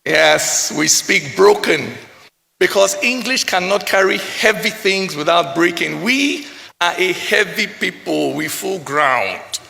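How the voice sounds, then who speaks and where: A high, bright male voice with a Nigerian accent and a gravelly, fry-laden texture delivers a spoken-word poem. He speaks in a rhythmic, declamatory style, stacking repeated phrases. The sound carries a long reverb from a large hall. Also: animated, slow pace. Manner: rhythmic, declamatory, building repetitions. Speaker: poet. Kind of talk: spoken-word poetry performance.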